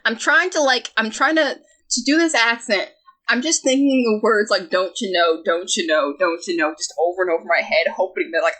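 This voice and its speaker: A woman with a bright, sharp voice reading fanfic aloud with friends. She talks casually and giggles often, breaking off mid-sentence to joke. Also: a little high. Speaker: fanfic reader and co-host. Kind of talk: casual comedic reading and riffing.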